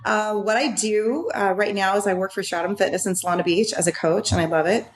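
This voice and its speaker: A woman's voice: medium pitch, brisk. A woman from Washington state, a fitness coach guesting on a podcast, speaking upbeat and thoughtful with frequent ums. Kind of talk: casual interview chat. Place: office.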